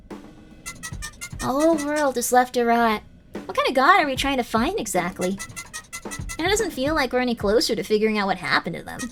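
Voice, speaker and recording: A curious young adventurer, read by a woman, chatty and easily exasperated. The voice is high and very lively in pitch, with faint game music behind.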